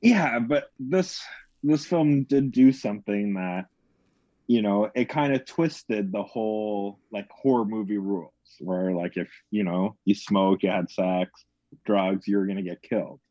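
With a warm voice on the low side and a slightly slow delivery, this co-host talks horror films casually, rambling with plenty of fillers and restarts. The lo-fi recording is dull and dry, with no echo.

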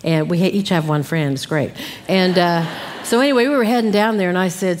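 A middle-aged woman Bible teacher giving an emphatic, animated sermon straight to her listeners. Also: medium pitch, moderate pace. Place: church hall at a live conference. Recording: live church hall with long reverb.

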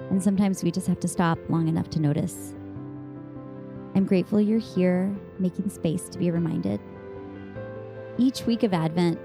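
A woman hosting a contemplative podcast, speaking gently and softly and reading her own poem in an unhurried way. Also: on the low side, low-quality recording. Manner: gentle, unhurried, soft-spoken. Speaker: podcast host.

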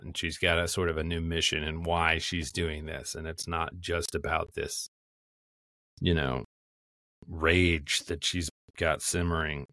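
A man co-hosting a podcast in casual chat, animated and quick to laugh. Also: sits low, dry recording, clean studio sound. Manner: animated, breaks into mocking impressions and laughs. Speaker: podcast co-host.

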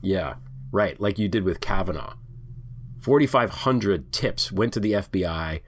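A man's voice: lowish voice, normal speed, slight background noise. Fired-up, swearing male podcast host. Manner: heated, profane and animated. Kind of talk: ranting monologue and casual chat.

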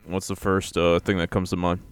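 A laid-back man hosts a casual podcast, joking and laughing a lot. His voice sits on the low side, smooth and resonant, and the sound is close and dry. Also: little pitch movement, brisk, no echo. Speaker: podcast host. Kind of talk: casual chat.

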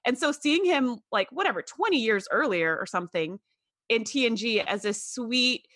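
A woman's voice: fairly high pitch, expressive, moderate pace, a bit bright, no echo, clean studio sound. A woman co-hosting a casual podcast, chatty and fond of acting out characters' lines. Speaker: podcast co-host.

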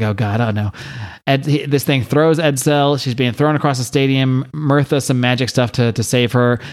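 A man on a podcast mic walks through a comic's fight scene in loose, chatty recap style. He slips into quick character lines between restarts and fillers. His voice sits at an ordinary middle pitch. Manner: animated retelling, quick voices for characters, frequent laughs and restarts. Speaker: podcast co-host. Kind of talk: casual comic book recap.

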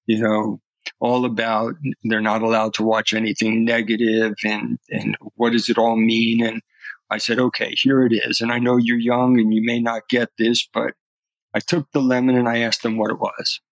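Gravelly middle-aged man telling stories. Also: medium pitch, completely flat delivery, normal speed, no room sound, low-quality recording. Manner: earnest, repeats words as he restarts. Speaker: podcast guest. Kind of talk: earnest storytelling in conversation.

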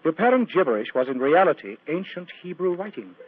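A man's voice: a little high, sing-song, fast, husky. An actor playing an agitated male clergyman in 1940s radio-drama style, speaking in an earnest, anxious and imploring way. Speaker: reverend. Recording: tinny, dry old radio broadcast.

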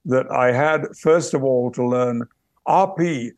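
An older man from Yorkshire speaking in received pronunciation, telling stories in a measured, thoughtful way as a guest, pausing to search for words. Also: mid-range voice, a little mellow, dry recording. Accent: British received pronunciation. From Yorkshire, England. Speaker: guest, actor and memoir author. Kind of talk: reflective interview storytelling.

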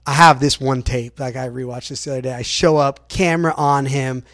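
A man, a podcast guest, telling stories in a rambling, animated way, full of "like" fillers and acted-out quotes. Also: mid-range voice, brisk. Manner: acts out other people's lines in quotes. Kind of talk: casual storytelling in an interview.

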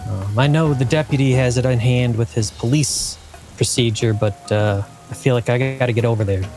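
Brief: man as grieving everyman driver, halting, gentle. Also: medium pitch, faint music behind, natural voice. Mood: somber. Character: grieving middle-aged male widower driver, kindly.

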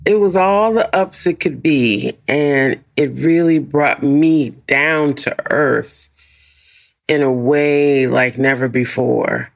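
A woman hosting a podcast, talking casually in a deep morning voice and laughing often. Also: steady tone, gravelly. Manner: warm, chatty, laughs often, slow deliberate phrasing. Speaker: podcast host. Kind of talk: casual solo podcast talk.

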